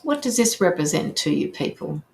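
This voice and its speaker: A woman's voice: on the low side, sing-song, brisk, creaky. A woman hosting a live tarot reading, reading viewer comments aloud and reassuring the sitter, with frequent ums and restarts. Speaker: tarot reader hosting a livestream.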